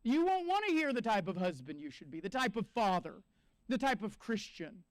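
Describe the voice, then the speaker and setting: A man preaching a sermon as pastor, animated, often acting out quoted voices to make his point. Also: high-pitched, moderate pace, clear, resonant tone, no echo. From United States.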